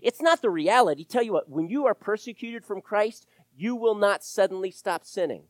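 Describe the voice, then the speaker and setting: Lively, animated male preacher. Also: sits high, moderate pace, dry recording. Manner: animated preaching, rising and falling loudness. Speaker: pastor. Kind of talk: sermon.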